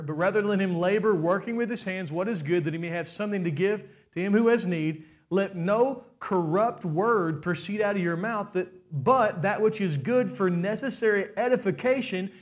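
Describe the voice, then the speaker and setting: High-pitched man preaching a sermon. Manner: preaching, building to shouts, asks the congregation questions. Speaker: pastor.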